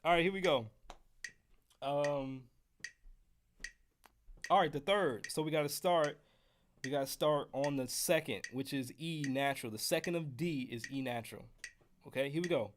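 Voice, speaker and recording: An American man runs a live-streamed trumpet lesson, chatting casually with viewers between exercises. His voice sits a little high for a man, with a faint hiss of noise behind it. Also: moderate pace, long pauses. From United States. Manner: casual, joking asides to chat.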